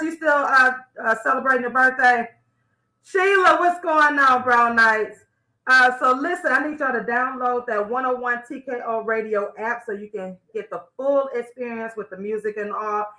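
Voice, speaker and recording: Bright-voiced woman hosting casual radio chat. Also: sits high, moderate pace. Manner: chatty, restarts often, laughs easily. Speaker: radio show host. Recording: roomy echo.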